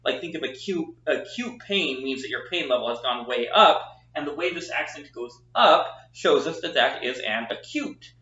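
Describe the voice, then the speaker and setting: A man teaching a recorded lesson at a whiteboard, explaining patiently and repeating words slowly with the stress marked. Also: medium pitch, expressive, bright, forceful tone. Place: classroom with a whiteboard. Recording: echoey room, dull lo-fi sound.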